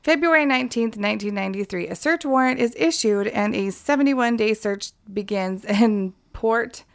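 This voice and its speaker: A woman's voice: on the high side, normal speed, vocal fry, no echo, studio quality. A woman co-hosting a casual true-crime podcast. She giggles often and mimics the people she talks about in put-on voices. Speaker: podcast co-host.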